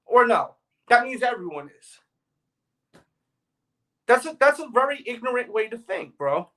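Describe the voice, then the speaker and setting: A man with a strong New York accent hosts a casual livestream, talking straight to his viewers. His delivery is blunt and forceful and pushes back in an argumentative way. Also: very high voice, sing-song, normal speed, poor audio. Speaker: livestream host.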